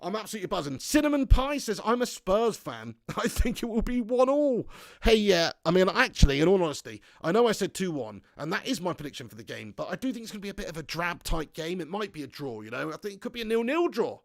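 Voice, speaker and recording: A man hosting a live fan stream, chatting excitably and reading out viewer comments. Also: high voice, quick pace, vocal fry, few pauses, no echo. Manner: excitable, chatty, often laughing. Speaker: fan channel host.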